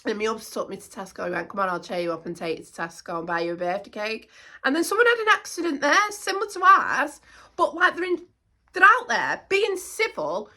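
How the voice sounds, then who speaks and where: A middle-aged woman, talking casually to camera as a vlogger, animated and indignant, repeating herself. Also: on the high side, a little fast.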